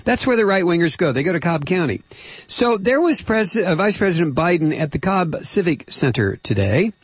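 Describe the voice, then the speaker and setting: A man's voice: high voice, sing-song, moderate pace, husky, no room sound. A middle-aged man hosting political talk radio, ranting in a combative and sarcastic way into a close studio microphone.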